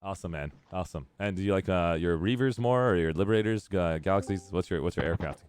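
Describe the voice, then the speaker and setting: Male streamer host, deep register, dry close mic, rambling and laughing easily. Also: fast, a little mellow, smooth, no room sound. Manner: upbeat, rambling, laughs often. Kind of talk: casual live-stream chat.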